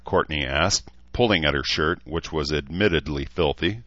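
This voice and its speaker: Deep-voiced man narrating a story. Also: moderate pace, few pauses, bright, forceful tone, dry recording. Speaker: audiobook narrator. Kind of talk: scripted narration. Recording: dull, dry studio read.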